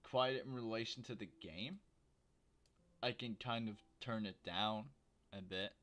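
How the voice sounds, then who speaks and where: A man streaming a video game from home, chatting and joking with viewers in a rambling, casual way on a quiet desk microphone. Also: fairly low pitch, measured pace. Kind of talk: casual livestream commentary while gaming.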